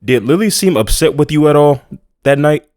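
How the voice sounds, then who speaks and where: A calm detective in his forties, measured and neutral, asking questions softly, as a storyteller puts him on. The voice is even and unhurried in a dry room. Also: on the high side, dry recording, voice pushed up, close to an everyday voice.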